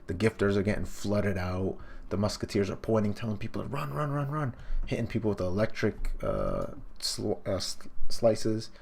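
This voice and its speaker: A man reading a comic live for viewers, excited, exclaiming, loose and profane. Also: lowish voice, moderate pace, creaky, a little hiss or hum. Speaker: live reaction streamer.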